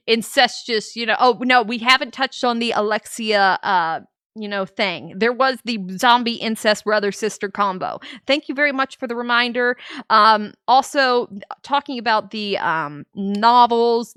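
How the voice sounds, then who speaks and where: Bright-voiced woman streamer rambling through a recap. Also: on the high side, smooth, no room sound, clean studio sound. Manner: animated, rambling, lots of fillers and asides. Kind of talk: casual game-series recap.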